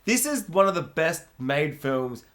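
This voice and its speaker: A man co-hosting a podcast, talking about a film in casual chat, animated and quick to swear and burst into loud reactions. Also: a little high. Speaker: podcast co-host.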